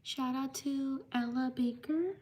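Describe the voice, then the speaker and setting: A woman hosting a live stream, reading out viewers' names one by one in a slow, repetitive way. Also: high voice, darkish tone. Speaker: livestream host.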